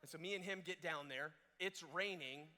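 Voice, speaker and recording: A young man telling a funny story in a youth camp sermon, animated and jokey, acting out what people said. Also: on the high side, normal speed. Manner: animated, jokey, acts out quotes in different voices. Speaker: camp speaker. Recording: echoey hall reverb.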